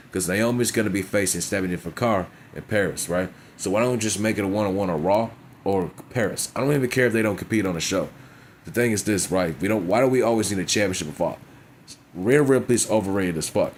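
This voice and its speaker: A man's voice: sits low, slight background noise. A man reviewing a wrestling show in a blunt, profane casual rant, often asking "you know what I'm saying".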